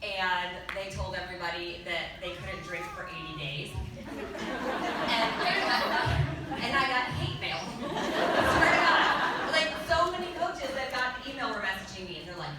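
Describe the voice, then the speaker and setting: A woman's voice: fairly high pitch, expressive, moderate pace, heavy reverb, distant mic, heavy background noise. A woman fitness trainer giving a candid, chatty motivational talk on stage to a crowd of coaches. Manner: chatty, candid, acts out quotes, laughs often. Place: large event hall with live crowd.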